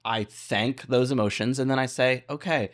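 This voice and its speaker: Young male podcast guest, mid-pitched, earnest, upbeat. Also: moderate pace. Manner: earnest and upbeat, acts out quoted lines with animated shifts. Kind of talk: casual podcast conversation.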